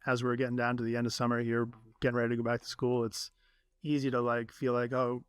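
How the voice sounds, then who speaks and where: A man's voice: medium pitch, completely flat delivery, fast talker, clear, resonant tone, no room sound. A man hosting a podcast, talking earnestly with his guest in a casual interview. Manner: earnest, warm-hearted, many fillers. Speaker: podcast host.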